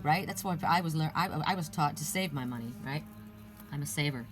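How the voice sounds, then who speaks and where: A woman's voice: deep voice, a little fast, faint music behind. A woman giving a casual spiritual card reading, rambling and reassuring, with asides and restarts. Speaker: oracle card reader.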